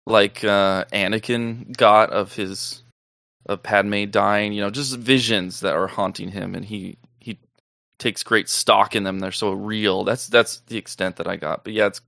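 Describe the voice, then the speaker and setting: A man's voice: on the low side, steady tone, a little slow, gravelly, bright, forceful tone, dry recording, studio quality. A man in casual chat about a TV episode, hesitant and filler-heavy.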